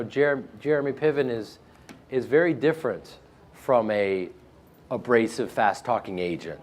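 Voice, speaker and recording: A man with a flat Midwestern American accent, answering interview questions in a casual, joking way and laughing often. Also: mid-range voice. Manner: animated, joking, laughs often, with frequent restarts. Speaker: actor being interviewed.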